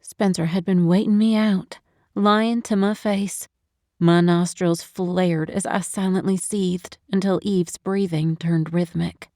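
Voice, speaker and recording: A woman narrating a first-person romantic audiobook, expressive and measured. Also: fairly low pitch, dry recording, clean studio sound. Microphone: studio microphone, close.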